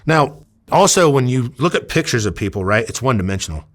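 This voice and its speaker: A man's voice: mid-range voice, sing-song, a little fast. A man from Iowa, a former undercover officer, telling stories casually in an interview, rambling with many fillers and acting out quoted dialogue. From Iowa, USA.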